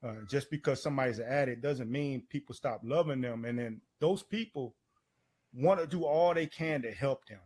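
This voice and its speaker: A man's voice: medium pitch, moderate pace, a little mellow, slightly rough. Regular-voiced guy asking a long rambly question, lots of you know. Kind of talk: casual interview talk.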